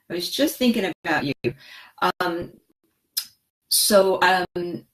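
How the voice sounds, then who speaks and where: A middle-aged woman therapist talking casually and excitedly to her viewers, a chatty self-described goofball. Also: deep voice. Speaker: therapist vlogger. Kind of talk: casual vlog talking to viewers and live chat. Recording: echoey, roomy sound.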